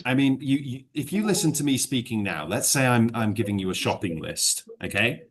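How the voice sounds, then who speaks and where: A man teaching English one-to-one in a relaxed lesson chat, rambling and hedging with many fillers, then explaining through worked examples. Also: mid-range voice, fairly quick.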